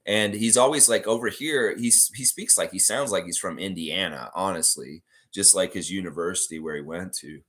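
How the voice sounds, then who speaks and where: A man's voice: deep voice, moderate pace, hardly any pauses. Casual rambling male livestream host. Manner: rambling, relaxed, reads viewer comments aloud.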